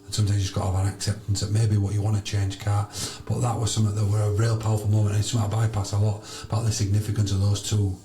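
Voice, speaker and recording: A man, a podcast guest telling stories loudly and bluntly, swearing freely. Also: on the low side, flat delivery, racing, hardly any pauses. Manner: loud, blunt, emphatic. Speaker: podcast guest, charity founder. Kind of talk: animated storytelling with swearing. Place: sauna. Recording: roomy echo.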